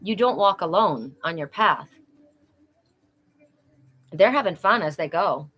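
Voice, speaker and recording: A woman's voice: fairly low pitch, animated, takes it slowly, a bit bright, breathy edge. A middle-aged woman doing a live oracle card reading, talking earnestly and repeating phrases for emphasis.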